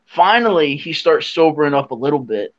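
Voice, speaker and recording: A young man, the podcast host, telling a drinking story in a casual, animated way and laughing as he acts out what people said. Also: a little high, fairly quick. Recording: dull lo-fi sound.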